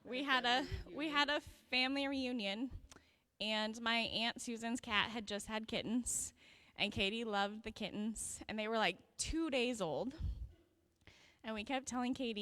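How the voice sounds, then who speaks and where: A woman's voice: on the high side, unhurried, bright, forceful tone. A young woman recalling fond childhood stories about her cousin at a memorial, with light laughter. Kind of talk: memorial remembrance speech. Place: memorial gathering.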